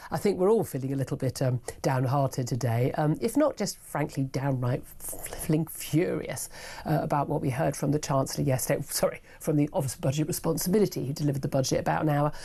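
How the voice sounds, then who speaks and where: A British woman hosting a talk radio show, gravelly and sniffly with a cold, delivering a brisk, scornful opinion monologue from a studio mic. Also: sits low, mellow. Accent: British English. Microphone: studio microphone.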